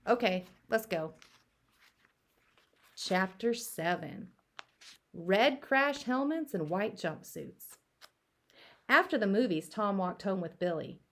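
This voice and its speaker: A woman's voice: medium pitch, animated, takes it slowly, a bit bright. A woman reading a children's novel aloud for elementary school students, telling the story expressively.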